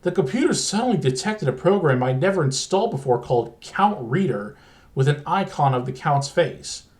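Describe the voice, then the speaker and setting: A man narrating a crude comedic horror story in a profane, exasperated way. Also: mid-range voice.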